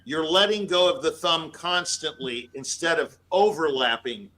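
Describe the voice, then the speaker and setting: Bright, emphatic male piano judge. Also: fairly high pitch, a little slow, poor audio. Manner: emphatic, scats melodies aloud. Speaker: pianist judging an audition. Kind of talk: spoken feedback to a performer.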